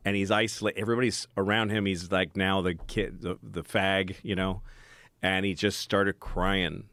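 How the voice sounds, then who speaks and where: A man's voice: low-pitched, level tone, normal speed, fairly bright tone, no room sound. A man talking as a podcast guest, rambling and self-deprecating as he tells a story in casual chat. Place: podcast studio.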